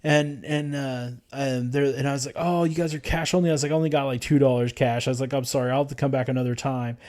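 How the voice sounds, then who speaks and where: A man in casual podcast conversation, his voice sitting in an ordinary middle register. He rambles, circles back and trips over his words the way friends do when they are just talking. It feels unscripted and relaxed. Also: medium pitch, fast. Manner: rambling, lots of fillers and restarts. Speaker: podcast co-host. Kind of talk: casual chat.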